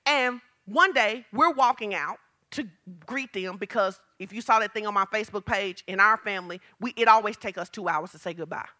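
A woman pastor preaching a sermon, telling stories and acting out quotes with big jumps in her voice. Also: moderate pace. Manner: animated storytelling, acts out quotes with big pitch jumps.

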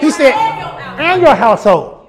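A man preaching a sermon, animated and building to shouts. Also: very high voice, normal speed, over music, crowd noise. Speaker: pastor.

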